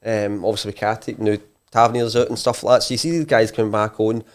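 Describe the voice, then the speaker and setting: A man's voice: on the low side, level tone, fast talker, clean tone. A man hosting a casual podcast chat, asking questions and talking with lots of fillers. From Scotland. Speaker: podcast host.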